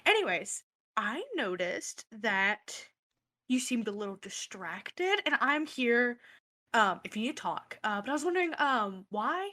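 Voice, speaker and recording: A woman's voice: fairly high pitch, pushed and bright, full character voice. A woman voicing a peppy, preppy teenage cheer captain who chatters with lots of filler words.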